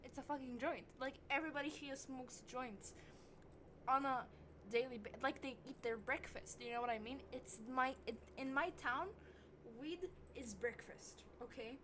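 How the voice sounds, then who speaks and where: Young woman vlogging, animated, swears a ton, hiss behind her voice. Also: moderate pace. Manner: animated, swears a lot, voice jumps high when worked up. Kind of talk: casual storytelling to camera.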